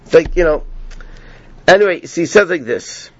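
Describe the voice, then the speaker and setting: A man delivering a Torah lecture, his voice pitched a bit high and climbing when he drives a point home. The sound is dull and lo-fi, dry, with no room around it. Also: moderate pace, breathy edge, dry recording. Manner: animated storytelling, rising with emphasis, Yiddish-inflected learning terms. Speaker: rabbi teaching a Torah class.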